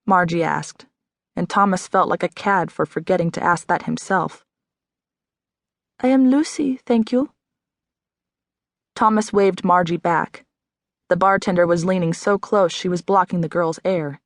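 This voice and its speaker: A woman narrating a novel in a measured, even reading. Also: lowish voice, no echo, clean studio sound. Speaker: audiobook narrator. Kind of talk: scripted narration.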